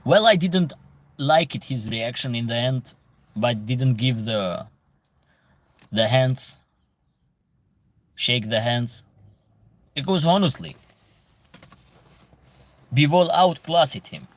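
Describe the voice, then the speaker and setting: A man's voice: medium pitch, lively intonation, takes it slowly, long pauses. Emphatic man with an Albanian accent. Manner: emphatic, repeats phrases for stress. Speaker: host answering viewer comments. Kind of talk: casual live commentary.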